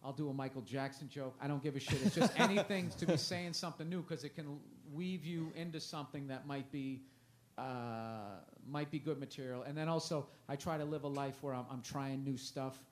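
A man's voice: medium pitch, steady tone, a little fast, hardly any pauses. Rambling, swearing comedian man. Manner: rambling, self-deprecating, swears often. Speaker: comedian guest. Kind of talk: casual chat. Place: festival interview.

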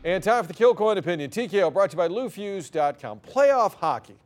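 High-voiced sardonic male sports commentator. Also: big pitch swings, a little fast, soft background music. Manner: wry, sardonic, mock-outraged. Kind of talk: opinion commentary.

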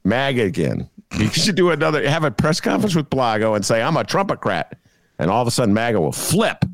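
A man's voice: medium pitch, sing-song, quick pace, creaky, no room sound, clean studio sound. Ranting sarcastic male talk host. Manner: ranting, sarcastic, laughs at his own jokes. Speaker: political talk show host. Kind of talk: opinionated political chat.

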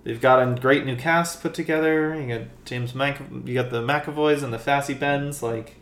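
A man's voice: mid-range voice, steady tone, moderate pace, fairly bright tone, roomy sound. A man co-hosting a podcast, teasing his friend with sarcastic jokes in casual movie chat. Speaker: podcast co-host.

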